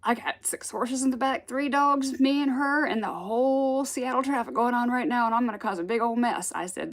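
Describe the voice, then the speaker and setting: A woman telling a personal spiritual story in a casual, animated way, acting out the voices she quotes and laughing often. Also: on the high side, moderate pace, hardly any pauses.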